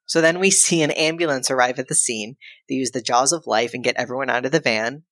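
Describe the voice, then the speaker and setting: A woman's voice: rumbling low, no room sound. A woman co-hosting a podcast, casually recapping a film's plot in a loose, irreverent way and briefly acting out characters' lines. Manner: animated, acts out characters' lines in quick put-on voices; loose and irreverent, with frequent fillers and profanity. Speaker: podcast co-host.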